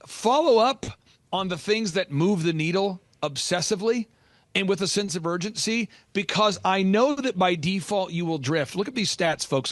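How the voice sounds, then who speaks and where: A man's voice: high voice, expressive, fairly quick, dry recording. A man talking as a business coach on a podcast, emphatic and urgent, repeating key lines for stress. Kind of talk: motivational podcast talk.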